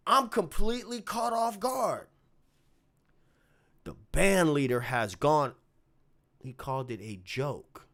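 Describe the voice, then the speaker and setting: Animated storytelling man, lively pitch. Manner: animated, swings from muttering to shouting. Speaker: bass player telling a story. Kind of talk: casual storytelling vlog.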